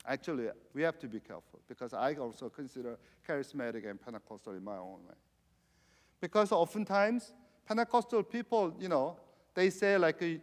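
A man's voice: medium pitch, big pitch swings, brisk, in a large hall. A man preaching a sermon in conversational style. He leans on "you know" fillers and uses loose, non-standard English grammar. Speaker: pastor.

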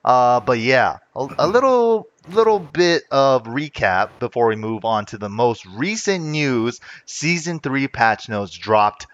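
A man's voice: mid-range voice, animated, unhurried, hardly any pauses, fairly bright tone, highs cut off. A man hosting a casual gaming podcast, laid-back and laughing often. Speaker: podcast host.

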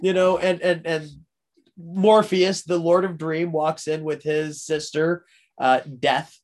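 A man's voice: fairly high pitch, steady tone, slow pace. A young man in casual podcast chat, rambling through a story with many fillers and frequent laughs.

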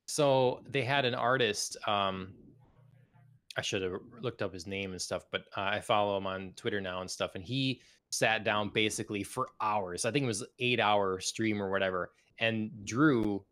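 A man co-hosting a gaming podcast, talking in a relaxed, rambling way with many fillers. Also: fairly low pitch, normal speed. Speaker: podcast co-host. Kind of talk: casual gaming chat.

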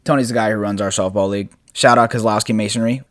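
A man's voice: fairly low pitch, fairly even intonation, fast talker. A young man hosting a casual solo podcast from his apartment, rambling in a loose, laid-back way, swearing freely and laughing often. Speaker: podcast host. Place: apartment room at home.

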